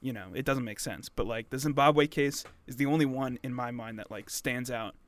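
A man's voice: mid-range voice, normal speed. A young man co-hosting a podcast, chatting in an easygoing way that trails off into fillers. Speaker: podcast co-host. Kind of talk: casual chat.

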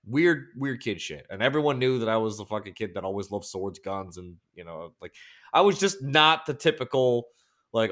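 A man's voice: lowish voice, expressive, brisk, fairly bright tone. A man co-hosting a podcast, telling a long story in a rambling, profanity-heavy way. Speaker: podcast co-host. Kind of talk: casual chat.

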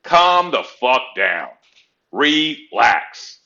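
A man's voice: medium pitch, very animated, extremely slow, sharp tone. A man talking sports on a podcast in a blunt, profane, rambling way. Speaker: podcast co-host. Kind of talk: casual sports chat. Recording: dull lo-fi sound.

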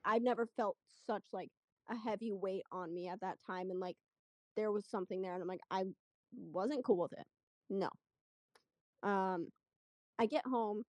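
A woman's voice: mid-range voice, no echo. Young woman rambling thru a spooky story, quoting everyone, dry close sound. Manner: chatty, animated retelling with quoted voices. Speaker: guest storyteller. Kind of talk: casual storytelling.

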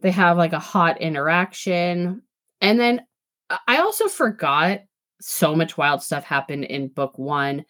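A woman's voice: on the low side, lively intonation, measured pace, fairly bright tone. A woman co-hosting a casual podcast, frankly retelling a book's plot and laughing often. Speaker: podcast co-host. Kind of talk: casual book-recap chat.

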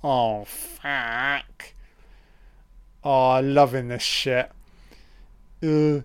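Slow-talking, profane film commentator. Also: male voice, mid-range voice, steady tone, clean tone. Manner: profane, reactive running remarks. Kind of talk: casual audio commentary.

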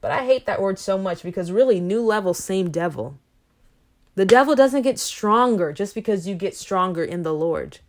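A woman's voice: medium pitch, lively intonation, normal speed. A woman minister telling stories in a rambling, chatty way with many fillers, turning preachy and emphatic. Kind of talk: casual faith talk.

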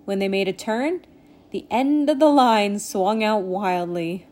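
A woman reading a children's storybook aloud in a gentle, expressive way. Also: mid-range voice, a little slow. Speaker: storybook reader.

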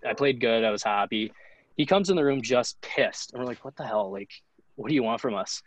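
A man's voice: mid-range voice, lively intonation, a little fast, no room sound, poor audio. A young man in his twenties, a podcast guest telling a story in a loose, profane, casual way, full of "like". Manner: loose, profane, heavy use of "like". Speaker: podcast guest, hockey goalie.

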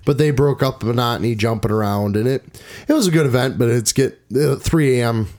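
A man hosting a casual podcast about tractor pulling, chatty and rambling, quick to poke fun at himself. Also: medium pitch, darkish tone. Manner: chatty, rambling, self-deprecating. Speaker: podcast host and tractor pull announcer. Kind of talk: casual chat.

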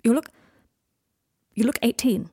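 A woman's voice: fairly high pitch, a little slow, mellow, slightly rough, pitched above the performer's own voice. A woman voicing Draco, a haughty young wizard. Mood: stiffly formal. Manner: clipped, curt and stiffly formal.

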